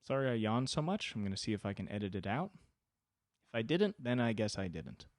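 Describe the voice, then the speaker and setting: A man hosting a solo podcast, rambling with wry deadpan humor and sudden jumps in pitch. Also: a little fast, dry recording, studio quality. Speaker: podcast host.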